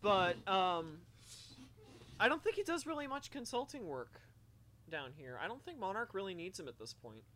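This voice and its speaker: A man chatting casually during a movie commentary, excitable, laughing often and tripping over repeated words. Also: high-pitched, moderate pace, a little hiss or hum.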